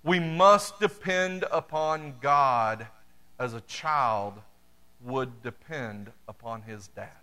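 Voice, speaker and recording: A man's voice: mid-range voice, slow pace, pushed and bright, smooth. A middle-aged man preaching a sermon, talking to the congregation in a conversational way with dry humor. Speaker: pastor.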